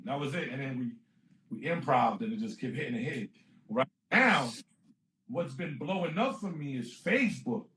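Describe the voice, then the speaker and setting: A man's voice: mid-range voice, a little fast, a little hiss or hum. A man, a guest comedian, telling stories in casual interview chat, acting out quotes and laughing often. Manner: animated storyteller, acts out quotes, laughs often. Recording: echoey room.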